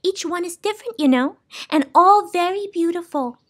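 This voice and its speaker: A woman reading a storybook aloud, voicing a gentle, chatty, lonely woman who keeps all sound, in a soft, lilting, high voice. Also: normal speed. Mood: dreamy.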